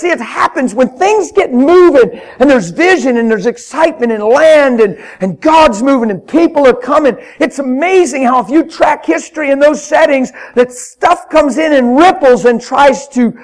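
A man preaching a spontaneous sermon in a church, fervent and emphatic, repeating his phrases and swinging up into loud shouts. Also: extremely high pitch, moderate pace, few pauses. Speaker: traveling preacher. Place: church hall with congregation.

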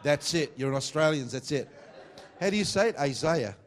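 A pastor with a slightly high, animated voice preaches emphatically, breaking off now and then for jokey, teasing comments to the congregation. He reads scripture in a slow, deliberate manner.

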